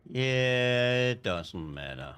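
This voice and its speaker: A man streaming a video game, commenting casually in a halting, rambling way. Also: medium pitch, big pitch swings, fairly bright tone, clear, resonant tone. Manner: rambling, halting, self-correcting. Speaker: gaming streamer. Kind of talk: casual let's-play commentary.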